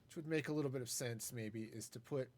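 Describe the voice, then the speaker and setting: Speaking quickly at medium pitch with a slightly mellow tone, a man offers casual gameplay commentary over a live stream. He rambles along in a wry, self-mocking way.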